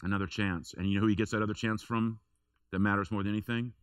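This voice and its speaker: A man's voice: lowish voice, fairly even intonation, quick pace, clear, resonant tone, dry recording, clean studio sound. A man preaching a sermon in a church, telling a personal story in a conversational way with emphatic repetition. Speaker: pastor.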